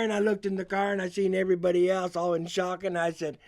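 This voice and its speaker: A man's voice: high voice, completely flat delivery, fast, hardly any pauses, darkish tone, no room sound. Folksy man telling jokes. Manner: folksy storytelling, many ums and restarts. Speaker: comedian and event entertainer. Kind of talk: stand-up jokes and anecdotes.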